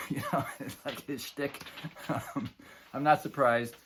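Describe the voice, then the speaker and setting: A man's voice: mid-range voice, a little slow, a bit bright, slight background noise. Chuckling, rambling middle-aged storyteller man. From Buffalo area, New York. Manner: rambling, chuckling, many fillers. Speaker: musician telling a story. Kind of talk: casual spoken storytelling.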